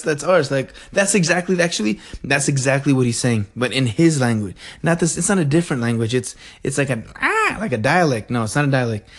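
A young man from the El border area, talking in a rambling, self-correcting way and laughing often. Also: fairly high pitch. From El Paso-Juarez border region. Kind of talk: casual rambling monologue.

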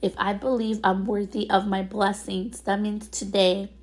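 Woman, raspy voice, solo podcast host, chatty motivational monologue, recorded at home, mid-pitched. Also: flat delivery, unhurried. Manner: chatty, motivational, loose with fillers.

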